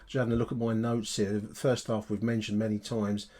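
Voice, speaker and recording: A man's voice: fairly low pitch, level tone, brisk, darkish tone. A man hosting a podcast, chatting in an upbeat way in reply to voicemails. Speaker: podcast host. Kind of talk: podcast chat.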